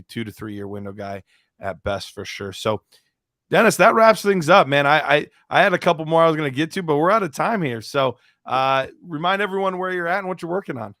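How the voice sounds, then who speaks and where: A man's voice: mid-range voice, a bit bright, no echo, studio quality. Loose, chatty male podcast host. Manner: loose, chatty, fumbling through notes while asking questions. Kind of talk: casual sports chat.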